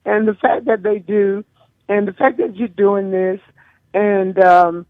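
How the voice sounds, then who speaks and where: An older woman, a gospel singer guest on a radio interview, talking in a lively, emotional, folksy way and laughing often. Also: medium pitch, takes it slowly, no room sound, narrow, tinny audio.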